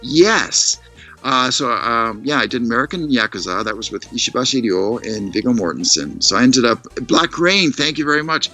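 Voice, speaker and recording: Bright, lively man telling stories. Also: medium pitch, normal speed, faint music behind. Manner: animated storyteller who acts out other people's voices. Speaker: guest storyteller. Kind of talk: casual chat on a live stream. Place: living in Tokyo.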